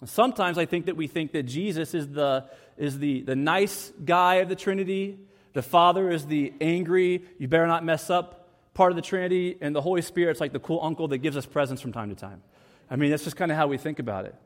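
A man in his thirties preaching a sermon, reading scripture and telling stories with lively acted-out voices. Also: fairly high pitch, fairly quick, long reverb tail. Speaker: pastor.

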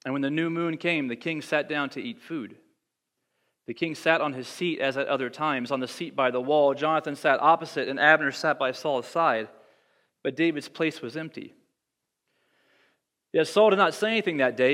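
A male pastor delivering a sermon in a church. He mixes scripture reading with wry, animated commentary, in a slightly high voice. A long reverb from the hall follows him. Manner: animated, wry asides, quick laughs.

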